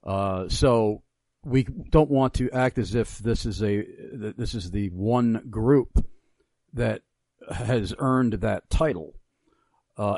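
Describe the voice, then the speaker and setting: A man's voice: fairly low pitch, a little mellow, no echo. A middle-aged man hosting a radio talk show, speaking emphatically in a preacherly way with many hesitations.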